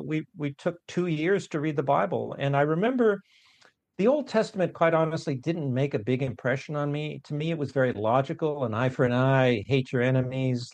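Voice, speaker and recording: A man, a guest scientist, tells his life story in an animated, self-deprecating, emphatic way. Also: mid-range voice. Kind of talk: conversational storytelling.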